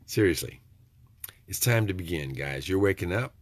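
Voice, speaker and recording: A man's voice: deep voice, animated, normal speed. A middle-aged man, rambling in a folksy, preachy vlog monologue with joking asides. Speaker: vlogger.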